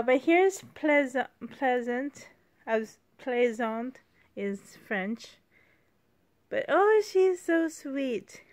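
A woman vlogging casually about her doll collection, rambling, gushing and apologizing as she goes. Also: a little high. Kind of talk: casual show-and-tell vlog.

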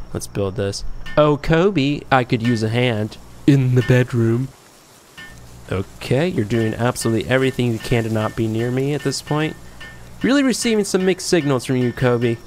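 A man's voice: medium pitch, slight background noise. Playful young man narrating his gameplay. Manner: chatty and playful, talks to his creatures. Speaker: gameplay commentator. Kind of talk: casual gameplay commentary.

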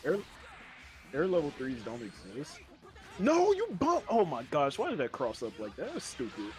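A man playing a fighting game live, excitable and laughing, with yelps as he plays. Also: mid-range voice, moderate pace, faint music behind. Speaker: player. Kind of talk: live gameplay banter.

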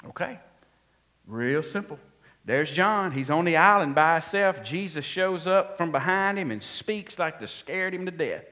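A man preaching a sermon, animated and often asking his congregation questions. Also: on the high side, unhurried. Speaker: pastor.

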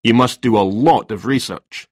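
A man's voice: mid-range voice, moderate pace, husky, no echo, clean studio sound, natural voice. A man voicing a cold, polite detective. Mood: probing. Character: cool, formal male police detective. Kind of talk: storybook reading.

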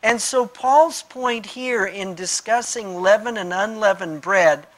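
Male pastor, slow deliberate delivery, teaching style with frequent restarts and direct address to the host. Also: high-pitched, fairly bright tone, poor audio. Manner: addresses the interviewer by name often, with frequent restarts; explains with homely examples and quotes scripture. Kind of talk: answering questions in a Bible discussion.

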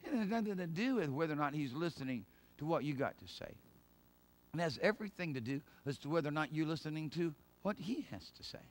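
A middle-aged male pastor giving a sermon in an emphatic, conversational way, with laughs and quick asides. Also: on the high side, expressive.

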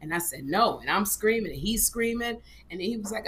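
A woman's voice: medium pitch, expressive, fairly quick, a bit bright, a little hiss or hum. A middle-aged woman co-hosting a comedy livestream, telling a story with dramatic flair. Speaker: comedy show co-host. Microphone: livestream microphone.

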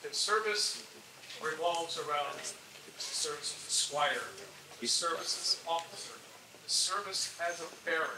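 Man, formal ceremony speaker, emphatic, distant roomy recording. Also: high-pitched. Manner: formal and emphatic, stressing words. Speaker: member of an order speaking at a ceremony. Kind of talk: ceremonial speech. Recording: echoey, distant, with background noise.

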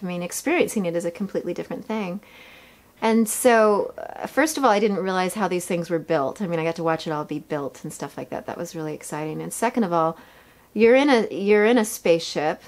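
A middle-aged actress telling lively behind-the-scenes stories in a casual interview, laughing often and acting out what people said. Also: female voice, lowish voice. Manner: animated, laughs often, acts out quotes.

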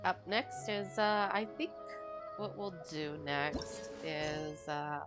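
A woman's voice: deep voice, slow, loud music behind the voice. A woman commenting casually over her gameplay, gushing and rambling with many fillers. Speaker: game streamer.

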